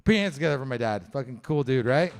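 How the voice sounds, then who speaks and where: A man's voice: medium pitch, expressive, fast, a little hiss or hum. A man from Canada doing a stand-up comedy set, telling a story with lots of swearing and acting out the voices. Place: comedy show venue with live audience.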